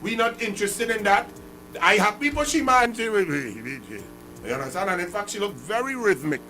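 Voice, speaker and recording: A man's voice: high-pitched, animated, normal speed, sharp tone. A man with a Trinidadian accent hosting a political call-in radio show, combative and emphatic, hammering points with repeated phrases.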